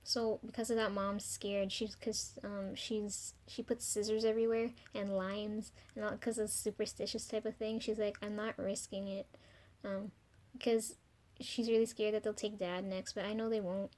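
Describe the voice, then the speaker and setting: A young woman talking to the camera in a rambling, confessional video diary, full of ums, casual swearing and soft trailing pauses. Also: medium pitch, level tone. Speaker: vlogger.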